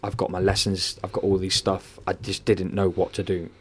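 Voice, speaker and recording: A man telling a painful personal story in an interview, emotional and near tears, halting and swearing often. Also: low voice, little pitch movement, slightly rough. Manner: candid, heavy swearing, halting restarts. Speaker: podcast guest.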